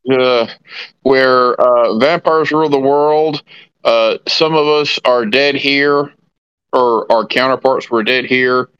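A man's voice: mid-range voice, takes it slowly, a bit bright, clear, resonant tone, no echo, lo-fi sound. A man playing a tabletop game, explaining at length with many hesitations. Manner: rambling, hesitant with fillers. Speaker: player. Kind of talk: casual tabletop play.

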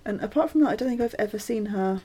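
A woman's voice: medium pitch, lively intonation, quick pace, a loud crowd. A woman co-hosting a podcast in casual chat, blunt and dry, swearing casually and sounding exasperated. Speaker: podcast co-host.

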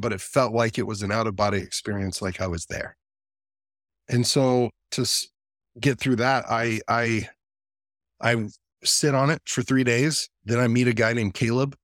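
A man's voice: medium pitch, moderate pace, dry recording, studio quality. A man, a podcast guest, telling a personal story in a casual, earnest way and acting out the voices of the people he quotes. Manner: earnest and animated, acts out quoted dialogue.

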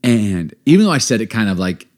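Man, middle-aged, podcast co-host, lively swings in pitch, lowish voice, emphatic storyteller. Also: racing. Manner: animated, laughs often, emphatic. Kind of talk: storytelling in casual chat.

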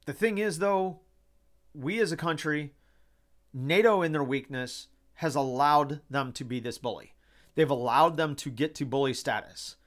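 A man hosts his own talk show, speaking in a fairly high voice. He rants with passion, swears freely and circles back over the same phrases. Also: unhurried. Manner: impassioned, swearing, repeats himself. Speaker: podcast host. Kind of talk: casual opinion talk.

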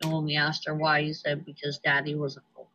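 A woman's voice: low voice, monotone, a little fast, pushed and bright, muffled recording. A woman from New Hampshire co-hosting a podcast, talking frankly and swearing casually. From New Hampshire, USA. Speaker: podcast co-host.

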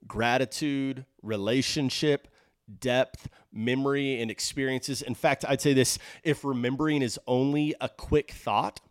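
A man's voice: medium pitch, no echo. An earnest man delivers a faith-based motivational talk in a mid-range voice. His delivery is emphatic, and he stacks rhetorical questions one on top of another. The sound is close and dry, with almost no room around it. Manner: reads scripture aloud in a measured cadence. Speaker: host of a leadership podcast.

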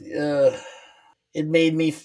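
A man's voice: fairly high pitch, little pitch movement, slow pace, darkish tone. A middle-aged man, the host's father, talking hesitantly with many fillers in a casual movie-review chat.

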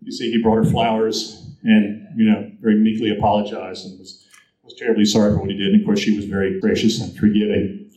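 A man's voice: fairly low pitch, level tone, brisk, warm tone. Man telling film stories in a roomy hall. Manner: storytelling, acts out quoted voices. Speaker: film historian speaker. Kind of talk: anecdotal talk to an audience.

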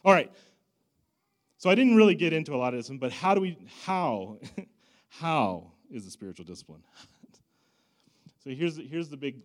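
A man preaching a sermon as a pastor, swinging from loud emphasis to hushed asides in a conversational, self-deprecating way. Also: fairly high pitch, animated, moderate pace, long pauses.

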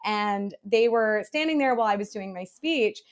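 A woman's voice: medium pitch, normal speed. A young woman from Canada, a podcast guest chatting casually and acting out what other people said. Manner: lively, acts out other people's lines. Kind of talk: casual storytelling chat.

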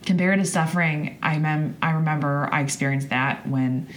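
A young woman with a strikingly deep voice hosts her own podcast in a loose, personal monologue. She rambles candidly, restarts her sentences and swears now and then. A faint noise sits underneath the recording. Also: moderate pace. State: choked up. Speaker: podcast host.

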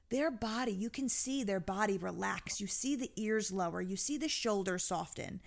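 A woman dog trainer chatting casually, telling stories with animated energy and jumping high in pitch when she quotes people. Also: creaky. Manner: animated storytelling, jumps high when quoting. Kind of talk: casual podcast chat.

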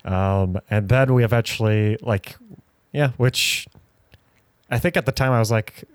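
A man's voice: fairly low pitch, unhurried, smooth, dry recording. A man co-hosting a podcast, chatting casually about a film with frequent laughs. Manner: rambling, laughs often, many fillers. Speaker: podcast co-host. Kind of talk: casual movie review chat.

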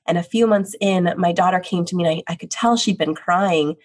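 A woman's voice: fairly low pitch, fairly quick. A woman, a widowed mother and children's book author, answering interview questions in an earnest, open way. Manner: earnest, open, repeats phrases like "the reality is".

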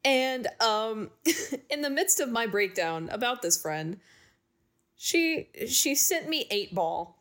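A woman's voice: on the high side, lively intonation, takes it slowly, fairly bright tone. A woman in her early twenties co-hosting a podcast, chatting casually, laughing and swearing freely. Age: 20s. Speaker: podcast co-host. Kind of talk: casual chat.

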